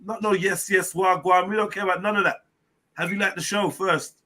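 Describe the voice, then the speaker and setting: Male host, high and bright voice, loose slangy storyteller. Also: brisk. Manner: animated storytelling with slang and swearing. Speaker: host and personal trainer. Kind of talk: casual live-stream chat.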